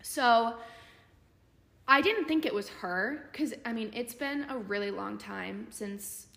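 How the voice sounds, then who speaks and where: A woman's voice: fairly high pitch, slow pace, vocal fry, fairly bright tone. A young woman co-hosting a podcast, telling a story in casual chat and filling her talk with "like". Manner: chatty, heavy use of "like" fillers. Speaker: podcast co-host. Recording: echoey room with long reverb.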